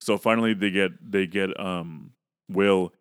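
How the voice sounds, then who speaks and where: Low-voiced man recapping a movie. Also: steady tone, unhurried, smooth, dry recording, clean studio sound. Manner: loose, profane retelling of plot with acted-out quotes. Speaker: podcast co-host. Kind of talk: casual movie recap chat.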